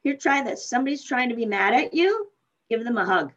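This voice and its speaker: A middle-aged woman with a fairly high voice tells a casual story, lively and animated. She laughs often and acts out the people she quotes. The recording sounds muffled and lo-fi. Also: brisk. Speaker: guest.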